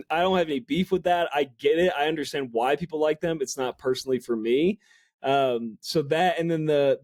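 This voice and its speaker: A man's voice: a little high, a little mellow, dry recording, clean studio sound. A man co-hosting a podcast, chatting casually about an album and sprinkling his talk with fillers and restarts. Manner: chatty, lots of fillers and self-corrections. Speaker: podcast co-host. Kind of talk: casual music review chat.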